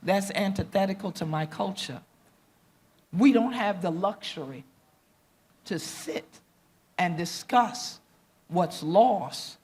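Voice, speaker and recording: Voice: medium pitch, expressive, takes it slowly, pauses often, a little mellow, slightly rough. A speaker from the Gullah Geechee coast with a Gullah Geechee accent and Gullah as first language, giving an impassioned, emphatic conference talk that mixes Gullah creole and English. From Gullah Geechee coastal southeastern United States. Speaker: panel speaker. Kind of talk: conference speech.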